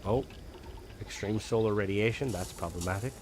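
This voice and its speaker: A man's voice: fairly low pitch, normal speed, darkish tone, slight background noise. A young man chatting casually while he streams a game, rambling with lots of fillers. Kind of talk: casual gameplay chat.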